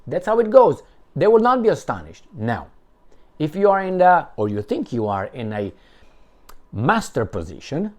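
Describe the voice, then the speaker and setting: A man giving solo political commentary, reading news articles aloud and reacting to them in an animated, sarcastic way. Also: a little high. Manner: animated and sarcastic, with emphatic swings and mocking asides.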